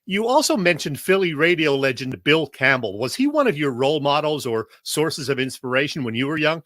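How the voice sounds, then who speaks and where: A man's voice: on the high side, expressive, brisk, a bit bright, no echo, clean studio sound. A man hosting a podcast and asking a guest prepared questions. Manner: attentive, asks prepared questions. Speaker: podcast host. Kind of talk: interview questions.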